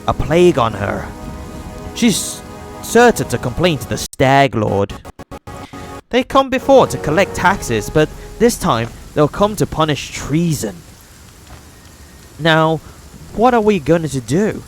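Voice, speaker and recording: A gruff middle-aged trader from a fantasy game, as a man puts him on, with a hammy foreign-sounding lilt. The voice sits higher than a plain speaking voice and swings widely in pitch, with a faint bed of music behind. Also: big pitch swings, slow pace, long pauses, exaggerated voice, poor audio. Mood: gloomy. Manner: theatrical, attempted foreign accent.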